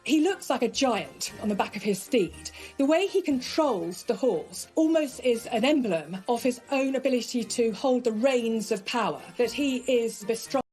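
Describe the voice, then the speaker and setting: A woman's voice: on the high side, lively intonation, moderate pace, few pauses, a little mellow, faint music behind, poor audio. A woman art expert speaking in a documentary interview, explaining articulately with occasional fillers.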